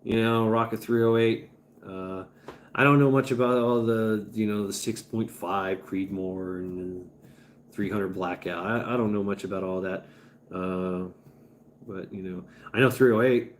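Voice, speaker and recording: Slow, rambling man hosting a livestream. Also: fairly low pitch, steady tone, a little hiss or hum. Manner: rambling, stammering restarts, profane. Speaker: livestream host. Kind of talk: casual livestream chat, reading chat.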